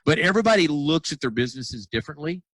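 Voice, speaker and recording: A dentist and consultant telling stories in a casual podcast conversation, acting out dialogue with lots of restarts. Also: male voice, a little high, fast talker, no echo, poor audio. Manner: animated storyteller, acts out quoted dialogue; frequent restarts and repeated words. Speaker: dentist and practice consultant guest.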